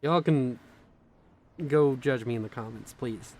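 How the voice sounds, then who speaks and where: A young man casting a strategy video game with quick, chatty, self-mocking commentary, sounding tired. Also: mid-range voice, a little mellow. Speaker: game caster.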